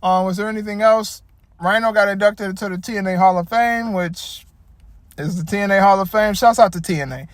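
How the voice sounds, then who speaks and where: A man with a high-pitched voice rants about a wrestling show in a loose, rambling way, cursing freely and getting animated. The recording is dry and close, with no room sound. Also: fairly quick, no room sound. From Detroit area. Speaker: wrestling commentator. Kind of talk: casual rant.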